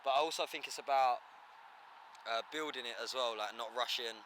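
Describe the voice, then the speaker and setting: A man's voice: mid-range voice, fairly quick, pushed and bright. A man with an Essex English accent, a rapper talking casually in an outdoor interview, laid-back and full of slang and swearing. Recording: faint street noise.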